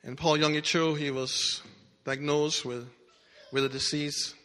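Bright-voiced preacher man in echoey hall. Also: fairly high pitch, flat delivery, takes it slowly. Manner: emphatic, dramatic storyteller with restarts. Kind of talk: sermon storytelling.

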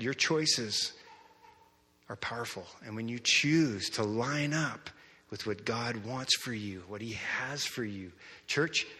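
Bright-voiced man preaching in a reverberant hall. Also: mid-range voice, slightly rough. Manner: conversational storytelling preaching. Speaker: pastor. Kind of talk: sermon.

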